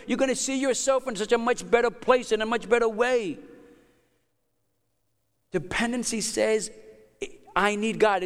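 A man in his fifties, a pastor preaching a sermon in a conversational, energetic way, with joking asides to the congregation. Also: high-pitched, big-room sound. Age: 50s. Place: church hall.

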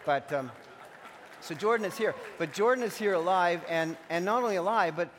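A man's voice: high voice, a little fast, fairly bright tone, a little hiss or hum. A middle-aged man preaching a sermon as pastor, telling a personal story with many restarts and building to emphatic points. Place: church sanctuary. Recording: long hall reverb.

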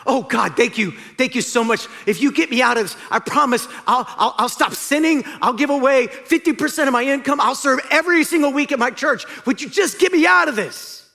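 A man's voice: extremely high pitch, a little fast, gravelly, few pauses, sharp tone, long reverb tail, voice pushed up, exaggerated voice. A man putting on a frantic, pleading man hanging off a cliff. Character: panicked man dangling from a cliff.

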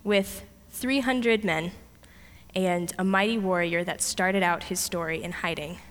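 A woman preaching a lively sermon, retelling a story with playful voices for the characters. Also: on the low side, a little slow. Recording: long hall reverb.

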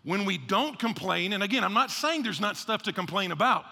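A male pastor preaching a casual, energetic sermon, repeating phrases for emphasis. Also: high voice, fairly quick, gravelly. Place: church sanctuary. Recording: long reverb of a large church hall.

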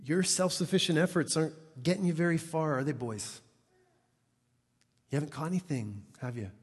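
A preacher putting on a calm teacher figure who speaks low and quiet, gently teasing his followers with knowing questions. A long reverb hangs on the voice. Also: moderate pace, breathy edge. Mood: gently chiding. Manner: soft, knowing, chiding.

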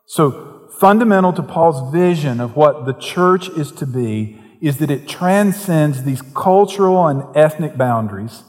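Southern guy pastor from western north carolina, kinda high voice, chatty sermon that gets fired up, church hall reverb. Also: animated, a little slow, darkish tone. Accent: softened Southern US. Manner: conversational preaching that builds to fervent emphasis.

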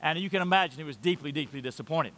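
A man's voice: on the high side, rapid-fire, pushed and bright, big-room sound. An older man in his sixties preaching a sermon in a church, earnest, repeating phrases and leading the congregation in saying lines aloud. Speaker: pastor.

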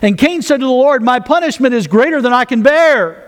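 Man, pastor, very high-pitched, folksy sermon, reads scripture aloud. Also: lively intonation, fairly quick.

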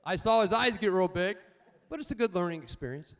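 Older male pastor, somewhat high-voiced, sermon delivery with amens and soft anecdotes. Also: animated, a little fast. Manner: swings from loud emphatic points to quiet storytelling; asks the congregation for amens.

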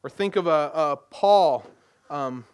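Pastor, male, higher-pitched voice, conversational sermon delivery full of rhetorical questions. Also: takes it slowly, clean tone. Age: adult parent.

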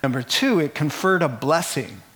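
A man preaching a sermon as a pastor, animated and jokey, jumping up into high exclamations. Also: moderate pace.

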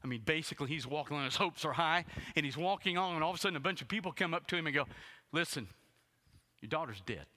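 A man preaching a sermon as a pastor, retelling the story dramatically and swinging from hushed tones to loud ones. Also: fairly high pitch, rapid-fire, few pauses. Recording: long hall reverb.

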